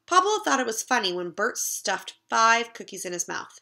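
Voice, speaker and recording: A woman teacher reading a chapter book aloud to young children in a slow, expressive storytelling way. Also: medium pitch, gravelly.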